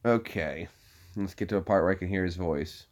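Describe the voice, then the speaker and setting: A man's voice: low voice, a little fast. A man talking casually to his camera as a vlogger, rambling and chuckling as he thinks aloud while clicking around. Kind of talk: casual vlog chat.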